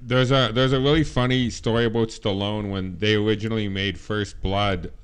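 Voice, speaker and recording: Low smooth guy on a movie podcast, teasing his friends, kinda dry. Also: steady tone, moderate pace. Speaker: podcast co-host. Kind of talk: casual chat.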